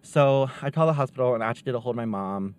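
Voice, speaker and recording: A young man casually telling a wild story from his high school days, acting out the voices of the people in it. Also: quick pace, clear, resonant tone. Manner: animated, acts out quoted voices. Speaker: storyteller guest.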